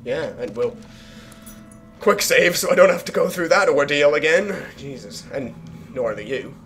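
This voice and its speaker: A man's voice: fairly high pitch, animated, normal speed, fairly bright tone. A young man giving casual, rambling game commentary as a let's play host, sarcastic and swearing freely.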